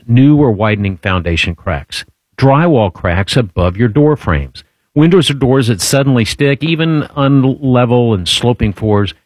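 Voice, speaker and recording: A man co-hosting a radio show, chatting and reading an ad in a lively, storytelling way. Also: on the low side, no echo, poor audio. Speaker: radio co-host. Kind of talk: casual radio chat and live-read ad.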